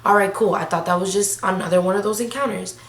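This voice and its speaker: A woman's voice: mid-range voice, steady tone, quick pace. Teen woman vlogger, 18, casual slangy storytime delivery, echoey room. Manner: casual, slangy, breathless retelling. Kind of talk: storytime vlog.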